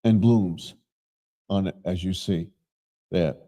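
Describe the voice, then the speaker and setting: Older man with a very dark voice. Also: low-pitched, takes it slowly. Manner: rambling, corrects himself often. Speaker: live stream host. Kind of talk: casual live stream chat.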